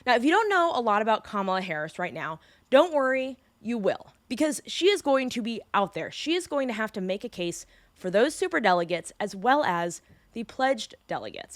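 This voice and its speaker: Young woman from california doing a news podcast, jokey asides, pitch jumps all over, dry close sound. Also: normal speed, no echo. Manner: chatty and joking, lively asides. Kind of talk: casual news explainer.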